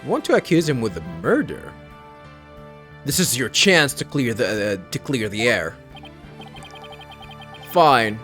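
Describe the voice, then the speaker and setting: A man's voice: mid-range voice, big pitch swings, normal speed, bright, forceful tone, soft background music. A man giving casual, amused commentary over a game playthrough, rambling and restarting his sentences. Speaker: let's play host.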